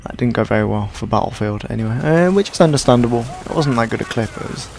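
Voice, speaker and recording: A young man with a sore, hoarse throat, giving casual, rambling gameplay commentary in a tired, self-deprecating way. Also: medium pitch, animated, fast talker, darkish tone, a little hiss or hum. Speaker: gaming commentator.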